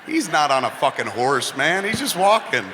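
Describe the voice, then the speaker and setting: A man's voice: fairly high pitch, big pitch swings, normal speed, sharp tone. A man hosting a live podcast, telling stories in a laid-back, profane way. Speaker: podcast host. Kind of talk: casual live chat. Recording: hall reverb, faint room noise.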